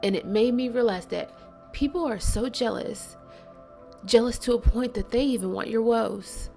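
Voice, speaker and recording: A woman giving a blunt, earnest and emotional spiritual monologue, stressing slow words and sometimes dropping to a whisper. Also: a little high, vocal fry, warm tone, soft background music. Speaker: spiritual channel host.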